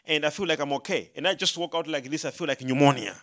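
A man preaching a sermon, telling his own story with animation, acting out his prayers and rising to loud, emphatic proclamation when he quotes scripture. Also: on the high side, quick pace, few pauses.

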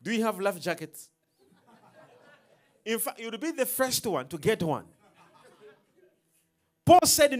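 A man preaching a sermon in an emphatic, preacherly style, calling out questions to the congregation and swinging between loud and soft. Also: very high voice, big pitch swings, slow pace, pauses often. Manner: emphatic, preacherly call-and-response, dramatic swings in loudness.

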